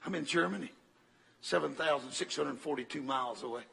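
An older man preaching a sermon, telling a story dramatically and swinging from loud bursts to hushed tones. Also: on the high side, brisk, gravelly, slightly rough.

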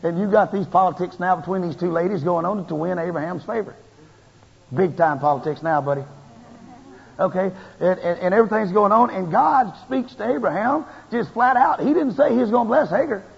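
A man preaching a sermon in a folksy, animated way, his emphasis rising and building as he goes. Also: sits high, fairly quick, creaky, slightly rough. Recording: lo-fi tape with long hall reverb.

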